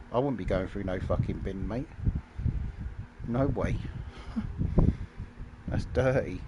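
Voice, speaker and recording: A man's voice: fairly low pitch, normal speed, long pauses. A man ranting bluntly and crudely, swearing while he plays an online game. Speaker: gaming channel host. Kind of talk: casual commentary while playing. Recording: loud game noise behind the voice.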